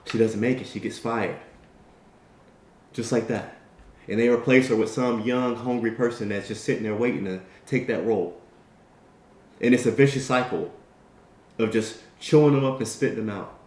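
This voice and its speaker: Animated male motivational storyteller. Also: mid-range voice, normal speed, pauses often, roomy sound. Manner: animated storyteller acting out quoted characters; conversational, repeats "right?" and "you know". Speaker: motivational speaker.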